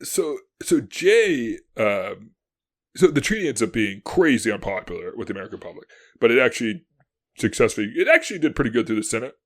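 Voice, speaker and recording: Animated man chatting casual history. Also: medium pitch. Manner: animated, acts out historical figures in quick asides; laughs often. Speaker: podcast co-host.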